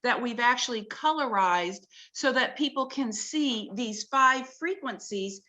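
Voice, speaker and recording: Bright-voiced woman explaining with wonder. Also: on the high side, expressive, unhurried. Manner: earnest, wonder-filled explaining. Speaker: guest presenting her research. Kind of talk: explanatory talk-show conversation with slides.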